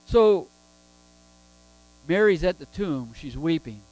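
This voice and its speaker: High-voiced man preaching a sermon. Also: animated, slow pace, a little mellow, soft background music, poor audio. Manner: emphatic with rhetorical questions.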